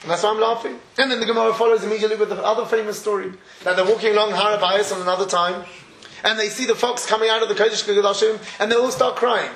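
Guy giving a torah class, kinda high voice, laughs a lot as he tells stories, echoey room. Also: fast talker, slight background noise. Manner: animated storytelling, laughs often. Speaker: rabbi teaching Torah.

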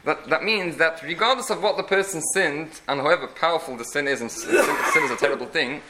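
A man's voice: fairly high pitch, fast talker, heavy background noise. A man teaching a religious lecture in an earnest, explanatory way, often restarting his phrases. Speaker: Torah teacher.

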